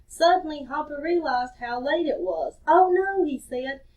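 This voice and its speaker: A woman reading a story aloud to children in a cheerful, expressive way. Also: sits high, normal speed. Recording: distant dull lo-fi recording.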